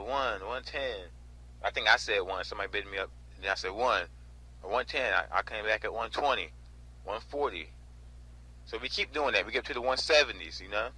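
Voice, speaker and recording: A man in his twenties from North Carolina casually recounting a storage auction in an animated way, often adding "right?" and "you know?". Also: mid-range voice, husky, rough recording. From North Carolina, USA. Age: 20s. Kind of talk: casual storytelling vlog.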